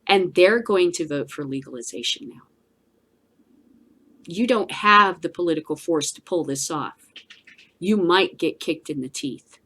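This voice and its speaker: A woman's voice: fairly low pitch, animated, measured pace, pauses often, a bit bright, slightly rough. A woman hosting a cannabis news show, giving blunt, emphatic solo commentary with a preachy edge.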